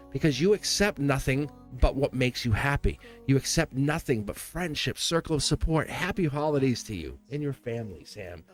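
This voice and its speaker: A man giving a live-stream tarot reading, effusive and encouraging, who laughs often and repeats his phrases. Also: medium pitch.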